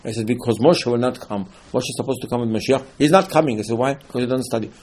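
A man teaches a Torah class as a sermon. His husky, mid-pitched voice carries the lesson as he tells stories and acts out exchanges with rising emphasis. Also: fast, a little mellow. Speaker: rabbi.

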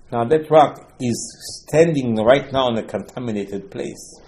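A man giving a Torah lesson in the manner of a rabbi, voice at a middling pitch. He tells the story with lively acted-out exchanges, breaking into sudden loud emphasis. His English is broken and full of Hebrew terms. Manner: animated storytelling, acting out dialogue, emphatic rises; non-native English phrasing, Hebrew terms.

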